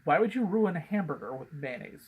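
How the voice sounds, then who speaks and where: A man's voice: fairly high pitch, animated, brisk, husky, narrow, tinny audio. Rambling man chatting casually. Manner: rambling, with many fillers and restarts. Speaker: podcast co-host. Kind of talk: casual chat.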